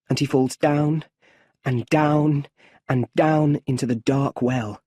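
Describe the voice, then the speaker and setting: Slow, husky man reading a storybook. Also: mid-range voice, steady tone, dark tone, no room sound, clean studio sound. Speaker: audiobook narrator. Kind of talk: slow scripted narration for English learners.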